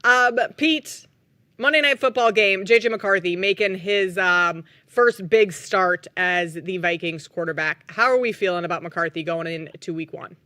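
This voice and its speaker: A man's voice: high voice, measured pace, bright, forceful tone, no room sound. A man from Minnesota co-hosting a sports talk show, easygoing as he leads into the segments. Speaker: co-host.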